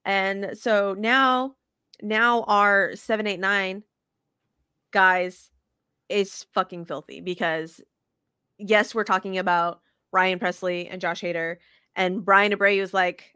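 A woman co-hosting a sports podcast, telling stories in an animated, profane way with lots of restarts. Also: mid-range voice, takes it slowly, clean tone, no room sound, studio quality. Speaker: podcast co-host. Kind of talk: casual sports chat.

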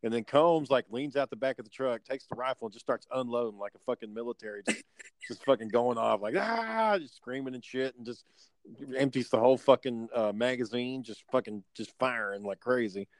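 A man's voice: mid-range voice, fairly even intonation, brisk, no room sound. A man telling a story in casual chat, laid-back and rambling, swearing and using lots of fillers.

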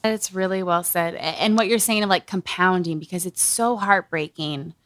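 A woman's voice: lowish voice, normal speed, a bit bright, no room sound. A woman hosting a casual book-review podcast, reading passages aloud and breaking in with sarcastic asides. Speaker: podcast host.

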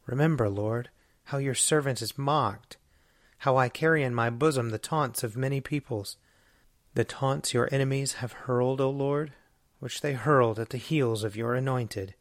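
A man reading psalms aloud in a measured, solemn liturgical recitation. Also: medium pitch, no echo, clean studio sound. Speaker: scripture reader.

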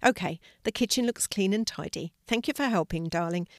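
Kind soft mum in a story, older lady reading, dry close voice. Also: mid-range voice, brisk, no echo, close to an everyday voice. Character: kind, calm mother of a young girl.

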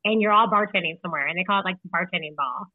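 Speaking low and at a racing clip, a young woman from Illinois chats casually as a podcast guest; she's an author. She laughs often and says "like" constantly, and the dry recording sounds tinny, like a phone line.

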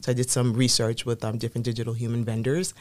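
A woman's voice: very deep voice, flat delivery, fast. A woman guest on a podcast talking casually, chatty and full of fillers and restarts. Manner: chatty, many fillers and restarts, laughs often. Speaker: podcast guest, innovation lead. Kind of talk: casual interview talk.

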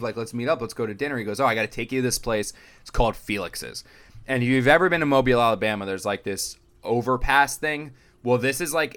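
A young man chatting casually on a sports podcast, telling stories and acting out what others said with big jumps in his voice. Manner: animated storyteller, acts out quotes with big pitch jumps. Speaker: sports reporter and podcast guest.

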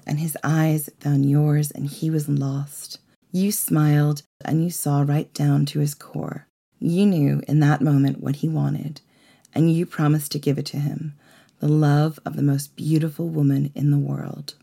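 A woman with a gravelly voice, telling a myth in slow, hushed second-person narration. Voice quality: gravelly, low voice. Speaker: podcast co-host.

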